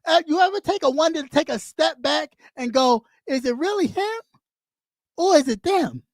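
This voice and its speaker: A woman's voice: sits high, expressive, normal speed, no echo, studio quality. A woman hosting a live stream, talking bluntly and profanely as she scolds her audience and repeats lines for emphasis. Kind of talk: ranting live stream commentary.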